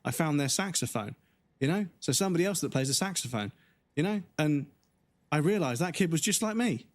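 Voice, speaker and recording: A man in his forties, a livestream gamer ranting casually with anger and frequent swearing, his voice going hoarse. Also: a little high, animated. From United Kingdom. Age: 40s. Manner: angry, swearing, halting restarts.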